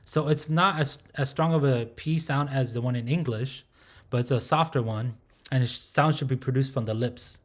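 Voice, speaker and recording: A man at a middle pitch works through a recorded pronunciation lesson. He says each sound slowly and more than once, and he keeps checking in with a quick "right?" His tone stays patient and methodical. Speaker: language teacher.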